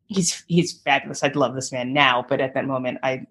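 A woman's voice: extremely low pitch, fairly quick, fairly bright tone. A woman artist in her thirties telling her story in an interview, acting out the people she quotes and laughing often. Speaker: guest artist.

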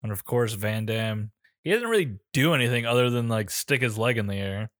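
A laid-back man picks apart a film in casual conversation, swearing and laughing as he goes. His voice is recorded dry and close, with no room sound, and his pitch is in the middle of a man's range. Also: animated, a little fast, no room sound. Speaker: podcast co-host. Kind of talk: casual movie-review chat.

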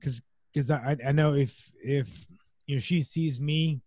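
Earnest, lightly higher-voiced man. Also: fairly even intonation, measured pace, mellow, no echo. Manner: earnest, reflective, chuckles often. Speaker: guest. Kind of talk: casual conversation.

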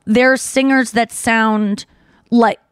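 A woman's voice: on the high side, fairly even intonation, clean tone, no echo. Chatty woman host, dry close sound. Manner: chatty, slips into quick singer impressions. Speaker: podcast host. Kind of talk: casual chat.

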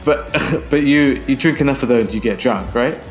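A man's voice: medium pitch, moderate pace, soft background music. A man co-hosting a film podcast in casual chat, teasing and laughing a lot. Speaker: podcast co-host.

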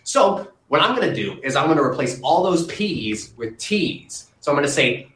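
A man's voice: a little high, big pitch swings, a bit bright, echoey room. A man in a short video clip, explaining and demonstrating a ventriloquist trick step by step. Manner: demonstrating slowly and deliberately. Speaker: TikTok ventriloquism tutor.

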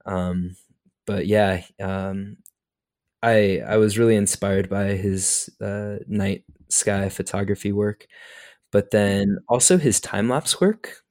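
Laid-back low-voiced man. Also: slow, a little mellow. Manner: laid-back, says "dude" and "like" often, laughs easily. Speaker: podcast guest photographer. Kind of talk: casual chat.

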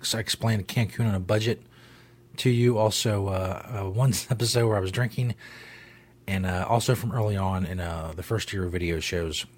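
A man hosting a comedy talk show in a fairly low voice. He sounds wry and laid-back, drifting between jokes and viewer comments with casual swearing. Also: normal speed, breathy edge. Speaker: host.

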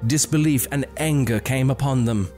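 Male storyteller, mid-pitched, measured and dramatic, soft music behind. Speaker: narrator. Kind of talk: scripted story narration.

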